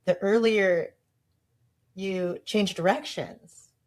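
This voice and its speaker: A woman's voice: mid-range voice, slow. A woman in a casual podcast conversation, talking reflectively and acting out inner voices in quotes.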